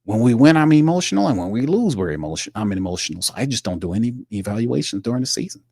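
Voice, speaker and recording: A man's voice: medium pitch, very animated, vocal fry, a little mellow, slightly rough, no echo, clean studio sound, heavily acted. A man doing an impression of a flustered male team executive who stammers and rambles, full of restarts and filler words. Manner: halting, full of "you know" and restarts.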